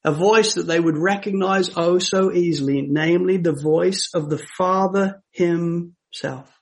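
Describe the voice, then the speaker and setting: A man delivers a sermon with a notably high voice. His storytelling is dramatic. Hushed passages give way to ringing, emphatic declarations. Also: a little slow, gravelly. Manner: dramatic, swings from hushed to emphatic when quoting scripture. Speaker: preacher.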